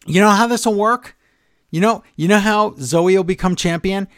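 A man co-hosting a wrestling podcast, recapping shows in a sarcastic, animated way and acting out what the wrestlers said. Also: high-pitched, normal speed, no room sound, studio quality. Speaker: podcast co-host. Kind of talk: casual wrestling recap chat.

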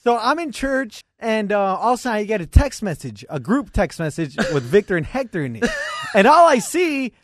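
A man's voice: sits high, sing-song, brisk, dry recording, studio quality. A man co-hosting a casual podcast, telling a story with lots of laughter and mock lecturing. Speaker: podcast co-host.

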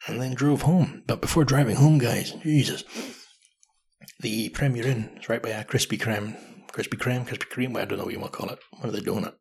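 A man's voice: medium pitch, fairly quick, creaky, a little mellow, husky. A man in his thirties hosting a podcast, chatting through a story in a casual, self-mocking way and swearing freely. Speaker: podcast host.

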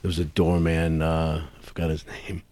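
A man from New York, an actor, telling rambling, animated anecdotes with many restarts in a casual interview. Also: a bass voice, normal speed, no echo. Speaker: actor guest.

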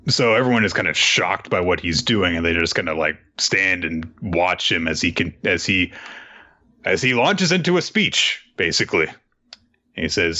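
A man co-hosting a podcast, recapping comics in animated storytelling with frequent laughs. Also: deep voice, normal speed. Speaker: podcast co-host. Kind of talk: casual chat recapping a comic.

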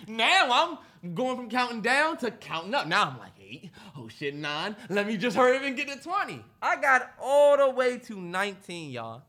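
Male podcast co-host, high bright voice, animated storyteller who laughs through his own tale. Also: normal speed, hardly any pauses. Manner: animated, acts out quotes, laughs a lot. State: out of breath. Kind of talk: casual storytelling chat.

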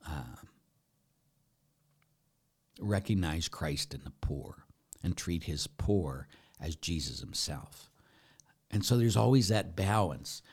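Deep-voiced priest, earnest and candid. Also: male voice, a little mellow. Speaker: Catholic priest and pastor. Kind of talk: conversational Q&A preaching.

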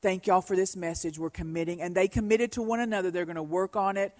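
A woman's voice: lowish voice, steady tone, fast, darkish tone. A woman, preaching in church about marriage in an earnest, heartfelt storytelling manner. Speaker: pastor's wife co-leading the sermon. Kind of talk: sermon. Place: church sanctuary. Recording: long reverb of a large hall.

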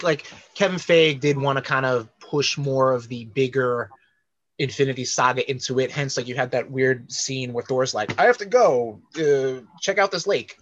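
A man's voice: mid-range voice, muffled recording. A man co-hosting a casual podcast, rambling with lots of fillers as he talks about films and comics. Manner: rambling, many fillers, animated. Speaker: podcast co-host.

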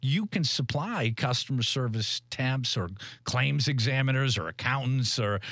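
A man's voice: medium pitch, lively intonation, measured pace, fairly bright tone, no echo. Guy hosting talk radio, chatty upbeat, dry mic. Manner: upbeat, conversational, salesy. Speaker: radio show host.

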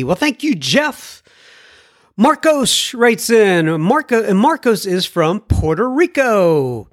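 A man with a high voice hosts a podcast, reading out listener emails and adding chatty, self-mocking asides. The sound is close and dry, with no room around it. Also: big pitch swings, a little slow, dry recording. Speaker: podcast host. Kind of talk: reading listener emails aloud with casual commentary.

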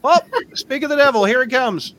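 A man's voice: very high voice, a little fast, over a noisy crowd. A man hosting a video-call panel, upbeat and keeping the call moving. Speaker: host.

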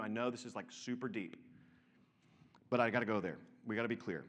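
A man's voice: medium pitch, in a large hall. A man preaching a sermon, stressing and repeating key words and checking in with his listeners through direct questions. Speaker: pastor.

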